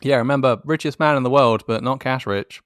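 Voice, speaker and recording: A man's voice: medium pitch, fairly quick, a bit bright, clear, resonant tone, no echo. A man giving casual, sardonic commentary on tweets, swearing and laughing as he goes. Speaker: YouTuber.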